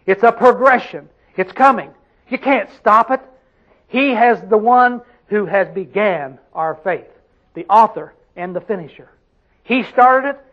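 A man's voice: sits high, unhurried, lo-fi sound. A man preaching a sermon, emphatic, putting questions to his congregation and answering them himself.

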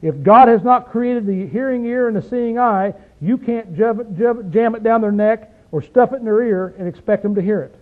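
A man's voice: high voice, normal speed, hardly any pauses. A man preaching a conversational Bible teaching, explaining scripture verse by verse. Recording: tinny phone-like recording.

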